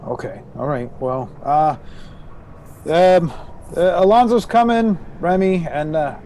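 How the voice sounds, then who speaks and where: Man player, soft, tentative, stammers, faint background noise. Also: on the high side, lively intonation, slow. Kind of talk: tabletop role-play, speaking in character.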